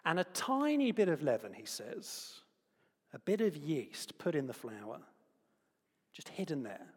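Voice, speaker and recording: Man, sermon, husky voice, long church-hall reverb, playful asides. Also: on the high side. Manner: lively, playful asides, uses props. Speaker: preacher.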